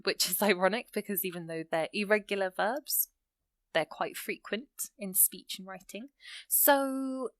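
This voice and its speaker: Woman going over grammar rules, patient teacher vibe, slows down on examples, dry close sound. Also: medium pitch, no room sound. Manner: patient, reads example sentences slowly and stresses key words. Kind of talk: explaining a grammar lesson.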